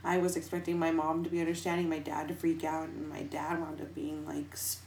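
A woman hosting a podcast interview in casual chat, loud, quick to laugh and swearing freely. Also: low voice, monotone. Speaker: podcast host. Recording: echoey room with faint background noise.

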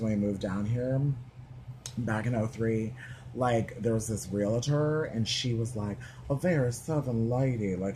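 A man's voice: on the low side, a little mellow. Guy rambling on a podcast, says like a lot, swears casually, faint hiss. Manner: chatty, heavy "like" filler, swears freely. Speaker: podcast co-host. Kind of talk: casual chat.

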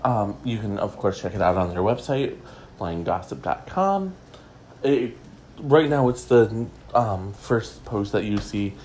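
A man with a low voice hosts a relaxed solo gossip talk, rambling and joking at his own expense. He trails off and restarts often. A faint hiss sits under the recording. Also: measured pace, rough recording. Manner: chatty, rambling, self-mocking with many fillers. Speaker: gossip podcast host. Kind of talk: casual solo chat.

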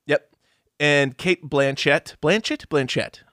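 A man trades casual movie talk with his co-host, running through cast lists and breaking into silly bits. His voice sits mid-pitch, bright and bouncy, and the recording is dry and close. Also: animated, a little fast, no room sound. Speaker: podcast co-host. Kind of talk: casual movie review chat.

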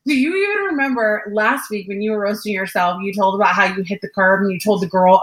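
A young woman co-hosting a podcast, telling a story in casual chat, animated and swearing freely as she acts out what people said. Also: medium pitch, fast talker. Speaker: podcast co-host. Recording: roomy echo.

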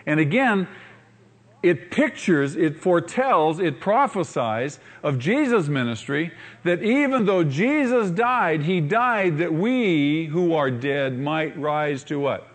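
A male pastor preaching a sermon, telling the story with animated voices for the characters and asking the congregation rhetorical questions. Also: fairly high pitch, takes it slowly.

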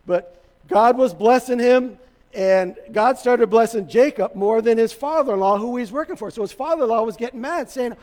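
High-voiced pastor preaching in a hall. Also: male voice, animated, normal speed, darkish tone. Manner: conversational storytelling with humor. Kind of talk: sermon. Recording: reverberant hall.

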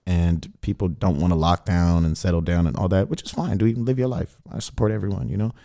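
A man's voice: sits low, quick pace, dark tone. A man chatting as a guest on a radio show, playful and laid-back, full of slang and jokes. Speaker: musician guest. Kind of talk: casual radio interview chat. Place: radio studio.

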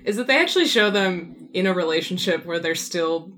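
A woman's voice: lowish voice, lively intonation, brisk, fairly bright tone. A woman co-hosting a podcast, chatting casually and reacting with easy laughs. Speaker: podcast co-host.

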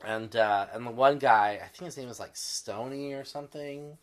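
A man's voice: mid-range voice, moderate pace. A man co-hosting a podcast, chatting casually about a TV show and quoting the characters with wry remarks. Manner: animated, quotes characters with wry commentary. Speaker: podcast co-host. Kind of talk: casual chat recapping a TV show.

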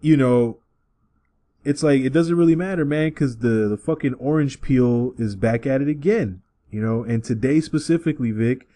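A man co-hosting a podcast in casual, profane chat, animated and breaking into loud, high-pitched bits. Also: moderate pace. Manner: animated, swings into shouted bits. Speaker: podcast co-host.

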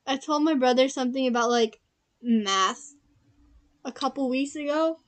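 A woman's voice: high voice, moderate pace. A young woman co-hosting a casual podcast, rambling with lots of fillers and giggles. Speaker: podcast co-host. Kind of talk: casual chat.

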